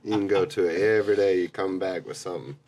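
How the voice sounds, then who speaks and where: Low-voiced young man, easygoing and profane. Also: steady tone, fast talker, a crowd in the background. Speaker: guest, bar manager. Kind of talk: casual chat.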